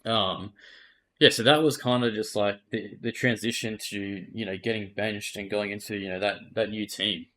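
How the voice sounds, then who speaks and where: A man's voice: lowish voice, fairly even intonation, moderate pace, bright, forceful tone. An Australian man, an esports player, candidly retelling events in a casual interview and swearing freely.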